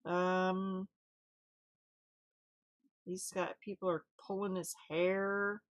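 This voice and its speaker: A middle-aged woman hosts a loose news commentary at an unhurried, drawn-out pace. She rambles with fillers and restarts. Her asides carry an exasperated, incredulous edge. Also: fairly low pitch, level tone, highs cut off. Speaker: host.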